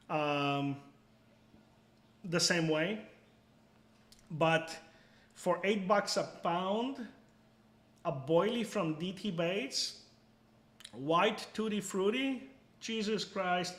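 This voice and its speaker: Plain-spoken male stream host, forceful and emphatic, slightly raised pitch, roomy echo. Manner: blunt, emphatic, peppers talk with "okay?" and swearing. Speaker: bait seller hosting a live stream. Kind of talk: casual live-stream chat answering viewers.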